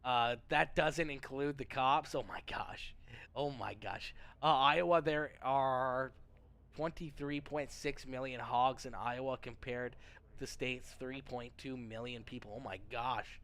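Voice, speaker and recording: A man's voice: medium pitch, steady tone, a little slow, a bit bright, clean tone. A man livestreaming and chatting casually with his viewers. He rambles, jokes and repeats himself, and says he is not feeling well. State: feeling unwell. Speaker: livestreamer reading chat.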